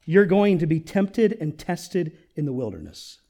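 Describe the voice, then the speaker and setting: A pastor preaching a sermon, swinging between loud peaks and near-whispers and putting questions to the congregation. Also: male voice, a little high, very animated, unhurried, gravelly.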